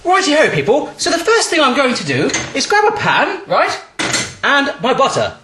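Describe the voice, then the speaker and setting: Man putting on an old-time granddad, fake english accent drifting australian, lively hammy presenter, echoey kitchen. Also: very high-pitched, moderate pace, noisy background, voice pushed up, heavily acted. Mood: jolly hammy. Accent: put-on English accent slipping into Australian. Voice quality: hammy and chipper, documentary-presenter manner. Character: jolly old-timey male ancestor, great-great-granddad. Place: home kitchen.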